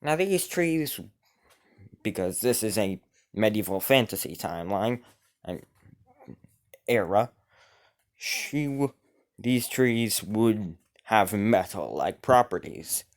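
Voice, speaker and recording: A man's voice: on the low side, animated, slow pace, pauses often. A man improvising a fantasy story in casual narration, rambling, with frequent restarts and self-corrections.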